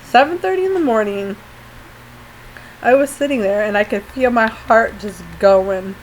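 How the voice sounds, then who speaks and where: A woman's voice: a little high, slight background noise, poor audio. Tearful woman recounting a hospital scare. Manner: tearful, apologetic, halting with fillers. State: post-surgery, pained when coughing. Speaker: vlogger. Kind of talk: emotional personal story.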